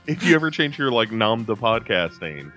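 A man's voice: lowish voice, sing-song, moderate pace, a bit bright, faint music behind. A man chatting casually on a podcast, rambling with lots of fillers. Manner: rambling, full of fillers and restarts. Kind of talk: casual chat.

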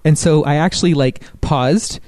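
A man's voice: on the high side, moderate pace, darkish tone, no echo, studio quality. A man co-hosting a casual podcast chat, talking in a chatty, agreeable way with many fillers. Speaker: podcast co-host. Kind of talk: casual chat about a video game.

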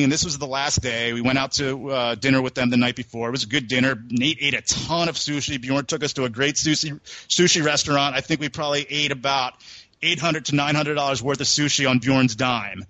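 A man's voice: medium pitch, brisk, pushed and bright, dry recording. A man co-hosting a podcast, telling a long story in a casual, rambling way, full of restarts. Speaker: podcast co-host. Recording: dull, dry recording.

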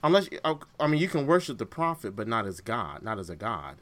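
Male podcast co-host, casual and halting, bright tone. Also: mid-range voice, very animated. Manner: hesitant, many fillers and restarts. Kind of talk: casual chat.

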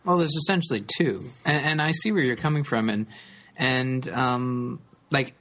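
A man co-hosting a casual podcast chat, halting and repeating words with many fillers. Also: medium pitch, a bit bright. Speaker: podcast co-host.

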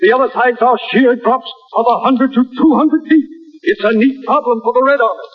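An actor playing a radio announcer describing army maneuvers in formal 1940s broadcast style. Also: male voice, very high-pitched, a little fast. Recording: dull old radio recording, long echo.

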